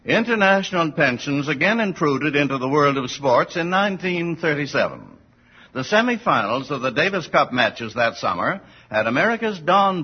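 A man giving scripted documentary narration in a measured, emphatic way. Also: fairly high pitch, slightly rough, highs cut off.

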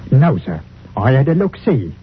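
An actor playing a chatty, deferential village greengrocer in a 1940s radio play, on an old recording. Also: male voice, mid-range voice, big pitch swings, moderate pace, lo-fi sound, noisy background, natural voice. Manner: folksy, deferential, with dropped grammar. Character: chatty village greengrocer and church bell-ringer, deferential man.

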